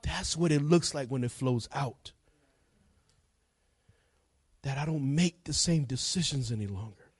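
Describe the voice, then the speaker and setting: A middle-aged man preaching a sermon, telling a story and moving from hushed talk to shouting. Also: medium pitch, moderate pace, slightly rough, dry recording. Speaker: evangelist preacher.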